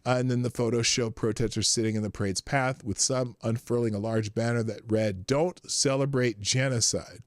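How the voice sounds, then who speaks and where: A man's voice: mid-range voice, steady tone, normal speed, hardly any pauses, dry recording, studio quality. A man hosting a live stream in a casual chatty way, reading articles aloud and laughing often. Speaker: live show host.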